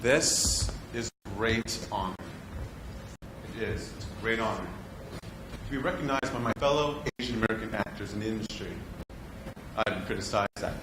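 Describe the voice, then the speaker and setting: A man's voice: lowish voice, lively intonation, moderate pace, long pauses, close to an everyday voice. A man performing a stage monologue as an earnest young male actor, confiding and at times exasperated. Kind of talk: theatrical monologue. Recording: echoey room with background noise.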